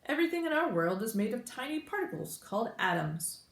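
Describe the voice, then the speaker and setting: Brief: impatient little science whiz, as a woman reads her, lively lecturing lilt in a roomy space. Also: a little high, fairly quick, pitched above the performer's own voice. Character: brisk know-it-all girl scientist. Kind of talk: storybook read-aloud. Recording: roomy echo.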